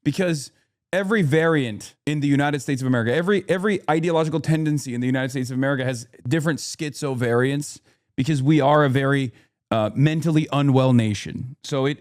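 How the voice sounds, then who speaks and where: A man ranting on his live stream, heated and profane, swinging between loud outbursts and low mutters.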